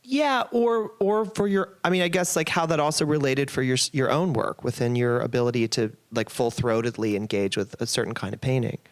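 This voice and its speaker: A man's voice: medium pitch, fairly even intonation, fairly quick, hardly any pauses. A young man interviewing a writer, phrasing his questions loosely with many "like"s and fillers.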